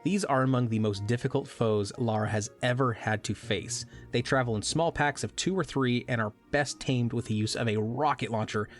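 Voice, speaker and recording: A man narrates a scripted recap as a podcast co-host. His mid-range voice is measured and wry. Faint music plays beneath. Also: medium pitch.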